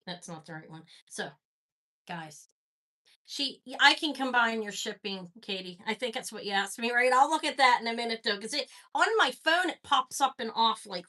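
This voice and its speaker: A woman's voice: a little high, pushed and bright. A woman hosting a live jewelry sale stream, chatting casually and rambling as she greets viewers by name.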